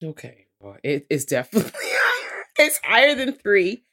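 A woman co-hosting a casual movie review podcast, talking in an animated, slangy way. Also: mid-range voice, moderate pace. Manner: animated, slangy, laughs while telling. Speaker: podcast co-host.

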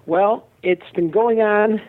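A man with a Chicago accent, a festival producer being interviewed, speaking haltingly with many fillers and restarts. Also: sits high, no room sound. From Chicago, USA. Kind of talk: phone-in interview. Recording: tinny phone line.

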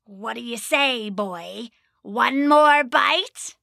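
A woman's voice: a little high, extremely slow, creaky, bright, forceful tone, no echo, studio quality, heavily acted. A woman voicing a big, sly male goblin that taunts and wheedles in a storybook reading. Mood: wheedling.

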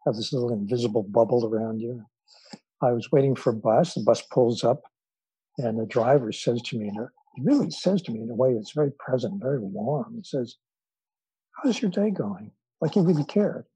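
A man speaks as a podcast guest with a very husky, mellow voice, unhurried and thoughtful, often pausing on fillers as he tells stories. His voice sits in a middle register. It is recorded close and dry, with no room sound. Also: medium pitch, dry recording, poor audio. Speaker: interview guest, psychologist and author. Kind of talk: relaxed storytelling in conversation.

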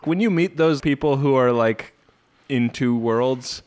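A man's voice: mid-range voice, a little slow, a little mellow. A male podcast host in casual chat, telling stories with quoted voices and laughing often. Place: Brooklyn.

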